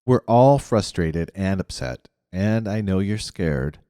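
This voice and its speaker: A calm, measured boy who keeps the others together in a storybook. A man reads him in a deep, lively voice, set in a dry sound with a long reverb tail. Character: calm, steady boy leader.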